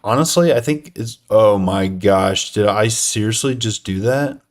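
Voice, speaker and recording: A man's voice: on the low side, unhurried. A young man live-streaming a chess game, talking to himself and chat with lots of fillers and self-deprecating groans.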